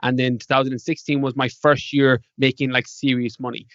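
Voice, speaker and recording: A man's voice: mid-range voice, level tone, fairly quick, a bit bright, no room sound. An Irish man, a podcast guest, telling stories in a casual interview and acting out past conversations with animation. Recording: dull lo-fi dry sound.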